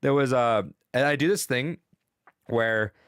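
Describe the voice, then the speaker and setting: A young man co-hosting a podcast, talking about a video game in a rambling, excitable, profane way. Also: mid-range voice, measured pace, smooth, no room sound, clean studio sound. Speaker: podcast co-host. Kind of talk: casual gaming chat.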